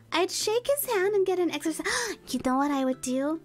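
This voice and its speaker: Brief: playful woman ASMR streamer with a high voice, close-miked, giggling between read passages. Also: moderate pace. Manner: giggly, playful asides to chat. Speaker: streamer reading a storybook. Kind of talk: ASMR storytelling and chat. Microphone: close ASMR mic. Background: soft background music.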